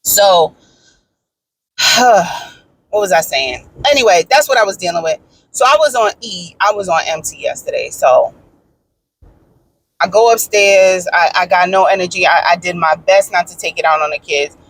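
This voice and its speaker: A woman in her thirties, talking casually to her viewers from inside a car, animated and frank with swearing, swinging from exasperated rants to easy storytelling. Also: on the low side, normal speed, long pauses, a little hiss or hum, low-quality recording. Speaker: vlogger.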